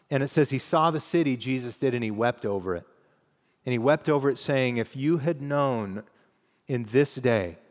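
A man's voice: medium pitch, in a large hall. A man preaching a sermon as pastor, teaching in a conversational way and reading scripture aloud with emphasis.

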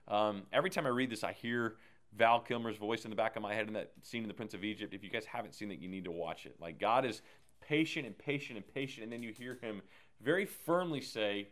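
A man leading a Bible study group in a relaxed, conversational way, often checking in with "okay?" and "right?" and putting questions to the room. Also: lowish voice, a little fast. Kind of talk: casual Bible teaching.

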